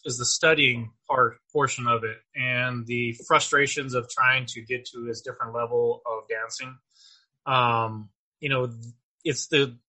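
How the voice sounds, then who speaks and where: A man talking casually as a podcast guest, relaxed and rambling with many fillers. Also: mid-range voice, rough recording. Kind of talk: casual interview chat.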